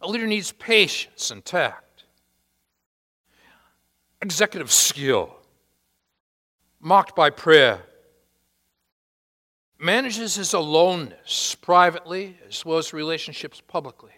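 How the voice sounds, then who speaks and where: Male pastor, bright, ringing voice, emphatic sermon delivery with dramatic pauses, big church reverb. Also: on the high side, lively intonation. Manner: emphatic, with long pauses and sharp swings from loud to hushed. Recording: hall reverb.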